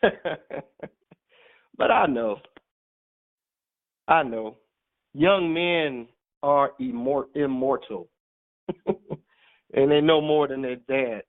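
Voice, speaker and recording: A man's voice: medium pitch, takes it slowly, long pauses. A man preaching a sermon in an emphatic, teasing way, laughing often as he teaches. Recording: tinny phone-like audio.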